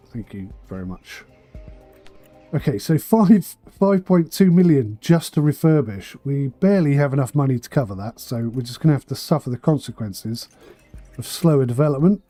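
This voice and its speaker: Man on a game stream, mellow voice, dry asides, slight throat tickle, faint music behind. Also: medium pitch, no echo. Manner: thinks aloud while playing, dry asides. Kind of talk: casual charity livestream commentary.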